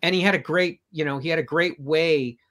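A man's voice: fairly high pitch, brisk. An older man, a comic artist guest, telling long anecdotes with frequent restarts in a casual interview. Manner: rambling, warm anecdotes with restarts.

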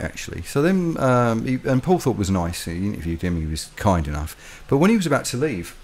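Man, low voice, rambling storyteller, casual chat co-host. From London, England. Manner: rambling, animated storytelling with laughs. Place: home in the Philippines.

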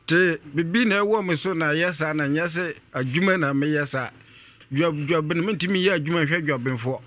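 A man's voice: on the high side, fairly quick, fairly bright tone, no room sound. A man with a Ghanaian accent, a radio guest earnestly telling his personal story and often repeating himself.

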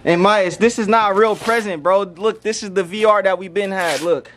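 A young man hosting a prank vlog, hyped and laughing as he calms everyone down. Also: sits high, normal speed, slight background noise. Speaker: YouTube prankster host. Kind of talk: casual vlog chat.

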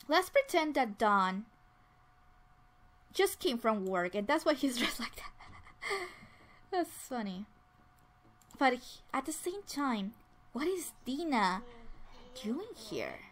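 A woman casually narrating a life-simulation game and voicing the characters' dialogue herself. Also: on the high side. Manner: chatty, voices dialogue for the sims, many restarts. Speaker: let's play narrator. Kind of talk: casual game commentary with voiced character lines.

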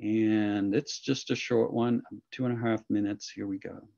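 A man's voice: on the low side, steady tone, unhurried, vocal fry, warm tone, lo-fi sound. A man leading an online children's church lesson with enthusiastic, coaxing talk. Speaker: children's ministry teacher.

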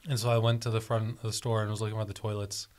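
A man's voice: on the low side, flat delivery, darkish tone. Giggly young man recounting a story. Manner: giggly, halting childhood storytelling. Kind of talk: casual chat.

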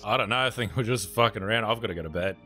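A man's voice: fairly low pitch, rapid-fire, sharp tone, soft background music. A man with an Australian accent hosting a casual game session with viewers, joking, swearing freely and laughing a lot. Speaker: host and streamer. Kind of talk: casual gaming chat with viewers.

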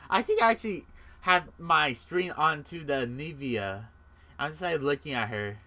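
A young man with a very bright, sharp tone talks through his gameplay in a loose, rambling way. He jokes as he goes, swears freely and quotes his own in-game reactions. He sounds like he is at a desktop mic in a room at home. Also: on the high side, lively intonation, moderate pace. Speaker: gaming commentator. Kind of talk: casual gameplay commentary.

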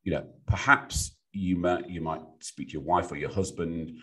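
A middle-aged British man, a guest on a business podcast, telling stories in a lively way and acting out what clients say. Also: low-pitched, normal speed. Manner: animated storyteller, acts out clients' voices. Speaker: business sounding board.

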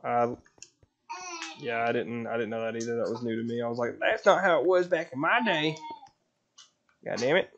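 A man's voice: medium pitch, moderate pace, pauses often, a bit bright, lo-fi sound, a little hiss or hum. A man streaming a game live, grumbling and swearing with sarcasm while chatting to his baby son. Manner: talks to his baby son between tasks. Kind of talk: casual gaming live stream chat.

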